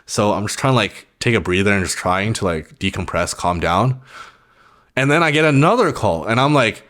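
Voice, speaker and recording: A man's voice: lowish voice, normal speed, fairly bright tone. A young man casually telling a personal story on his vlog, rambling and filling nearly every phrase with "like". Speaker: vlogger.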